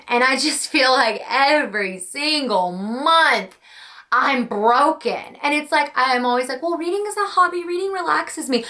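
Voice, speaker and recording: A young woman casually chatting about books she read, gushing and slangy, animated and talkative. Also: fairly high pitch. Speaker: book vlogger. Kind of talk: casual book review chat.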